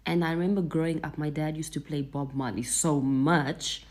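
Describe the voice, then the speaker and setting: A woman from Africa co-hosting a reaction video, talking earnestly with emphasis and dropping into soft asides. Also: deep voice, fairly even intonation, normal speed. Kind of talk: casual chat.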